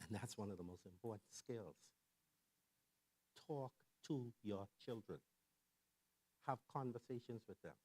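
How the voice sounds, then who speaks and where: A middle-aged man giving a lively sermon-style talk on family and parenting, telling stories conversationally and checking in with the audience. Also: fairly low pitch, a little slow, long pauses. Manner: animated storyteller who acts out quoted voices. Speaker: church speaker on family and mental health.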